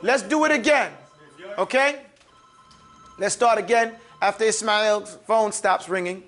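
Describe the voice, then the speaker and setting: A man's voice: sits high, a little slow, a bit bright, faint music behind. A man teaching a class Arabic letter pronunciation, saying each sound and correcting the students firmly. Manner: firm, corrective, demonstrates each sound and asks for repeats. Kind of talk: call-and-repeat pronunciation drill.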